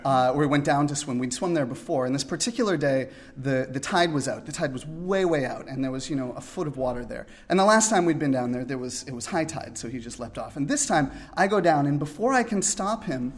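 A man's voice: mid-range voice, expressive, a little fast, hardly any pauses. A middle-aged man telling a personal story in a conversational way, with fillers and amused asides.

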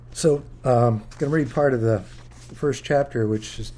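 Mellow-voiced man reading his book aloud. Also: mid-range voice. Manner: halting, thinking aloud, restarts. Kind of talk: informal book reading with asides.

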